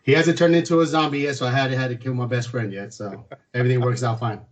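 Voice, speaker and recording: A man co-hosting a casual podcast chat, relaxed and slangy, with bursts of enthusiasm. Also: mid-range voice, fast talker. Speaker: podcast co-host.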